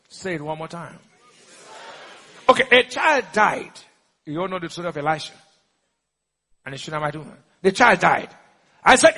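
A man's voice: sits high, big pitch swings, moderate pace, pauses often, a bit bright, breathy edge, in a large hall. A man with a Nigerian accent preaching a sermon, with emphatic call-and-response questions to the congregation. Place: church.

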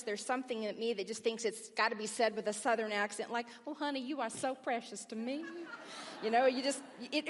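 Female pastor, slightly high pitch, calm explanatory sermon delivery. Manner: measured, explanatory teaching. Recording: long reverb of a large hall.

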